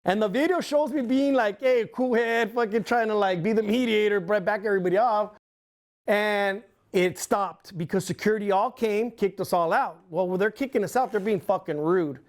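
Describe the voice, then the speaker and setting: A middle-aged man telling a long story as an interview guest, in casual, profane, rambling speech with lively retellings. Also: high-pitched, moderate pace.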